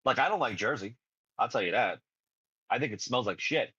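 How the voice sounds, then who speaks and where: A man from New York talks in a bright, forceful voice with a New York accent. He rambles and swears through a loose podcast chat. The sound is dry and a little dull. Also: medium pitch, animated, fairly quick, slightly rough, no room sound. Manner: rambling and profane, heavy fillers. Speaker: podcast co-host. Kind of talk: casual chat.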